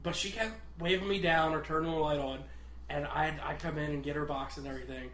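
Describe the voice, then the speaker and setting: A young man co-hosting a casual podcast, telling an anecdote with plenty of swearing and his own laughter. His voice sits a bit high and sounds bright. It is recorded in a roomy space with clear echo. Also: steady tone, quick pace, a little hiss or hum. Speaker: podcast co-host. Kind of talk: casual storytelling chat.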